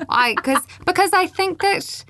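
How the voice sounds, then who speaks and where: A woman's voice: extremely high pitch, animated, unhurried, pushed and bright, a little hiss or hum. A woman, hosting a casual chat, self-mocking and trailing off into fillers. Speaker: podcast host.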